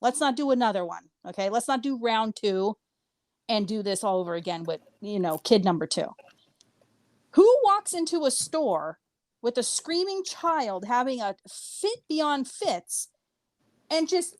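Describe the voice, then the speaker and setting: A woman co-hosting a casual podcast chat, telling a lively story and laughing often. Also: a little high, measured pace, dry recording, studio quality. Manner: animated storytelling, frequent laughs. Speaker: podcast co-host.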